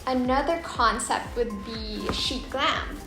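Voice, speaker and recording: A woman's voice: on the high side, slow. Chatty woman in an echoey room. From Philippines. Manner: enthusiastic, shows off samples with a chatty, descriptive flow. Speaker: interior designer and vlog host. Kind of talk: casual design vlog talk to camera. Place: home under renovation, indoors. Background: background music, occasional banging.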